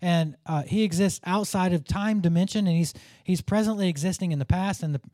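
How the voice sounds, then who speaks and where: Man, Bible teacher, high-pitched voice, dry close sound, earnest casual delivery. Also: a little fast, warm tone, dry recording. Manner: earnest, informal, thinks aloud with restarts.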